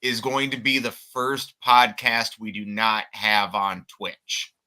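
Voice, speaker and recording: A man's voice: fairly low pitch, steady tone, takes it slowly, sharp tone. A man from Michigan co-hosting a wrestling podcast, chatting casually and bluntly while promoting the channel. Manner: plugs the channel, blunt and cussing. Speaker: podcast co-host.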